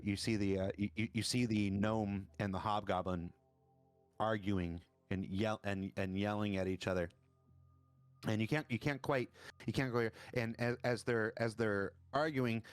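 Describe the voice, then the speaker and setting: Casting: laid-back male game master, low voice, dry close mic. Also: no room sound. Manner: halting, many fillers and restarts. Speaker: dungeon master. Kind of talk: narrating a tabletop game.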